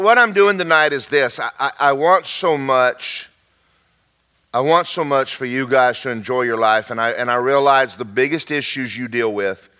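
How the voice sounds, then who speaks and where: A man preaching a sermon in a folksy, animated way, swinging between loud emphatic lines and low quiet asides and acting out little dialogues.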